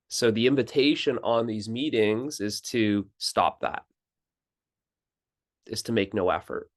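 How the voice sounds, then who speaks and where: Male spiritual teacher, lower voice, very slow and calm delivery with pauses. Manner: calm, unhurried, pauses and restarts phrases. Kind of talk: slow contemplative teaching talk.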